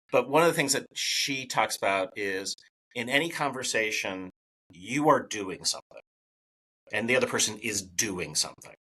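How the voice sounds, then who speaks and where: A man's voice: lowish voice, sharp tone, slightly rough, low-quality recording. A man hosting a podcast interview, talking in an enthusiastic, rambling way with many restarts. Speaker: podcast host.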